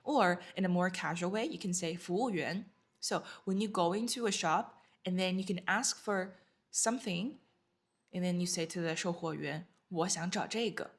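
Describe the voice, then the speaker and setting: A woman teaching an online Chinese lesson, patiently repeating each word and explaining it in English. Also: fairly low pitch. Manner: patient, repeats words slowly with English glosses.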